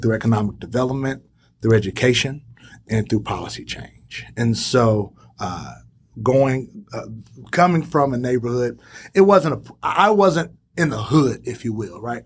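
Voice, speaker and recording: A man from Dallas, giving interview answers in an earnest, measured way. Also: medium pitch, slightly rough. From Dallas, Texas. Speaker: guest.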